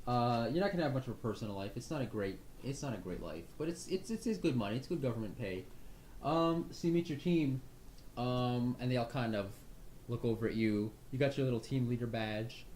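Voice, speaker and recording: A man's voice: medium pitch, lively intonation, a little fast, darkish tone, reverberant, a little hiss or hum. Casual man narrating a game. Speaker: game master.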